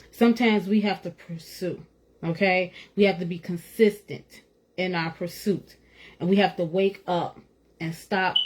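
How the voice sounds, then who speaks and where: A woman's voice: fairly low pitch, darkish tone. A woman giving an informal faith talk and personal testimony, conversational and earnest, with lots of "you know" and a laugh now and then. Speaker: speaker sharing faith testimony.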